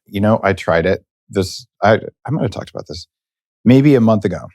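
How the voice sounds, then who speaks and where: A middle-aged man hosts a casual interview in a lowish voice. He rambles with animated enthusiasm. The sound is close and dry. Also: moderate pace, no echo. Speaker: podcast host.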